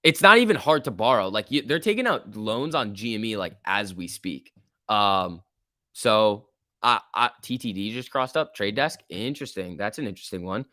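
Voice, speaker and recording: A man hosting a live market stream, talking casually and getting excited as he reacts. His pitch swings widely between calm remarks and sudden bursts of enthusiasm. The sound is dry and close, with no room around it. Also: normal speed, dry recording. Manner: excitable, reacts aloud and reads chat. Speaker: livestream host.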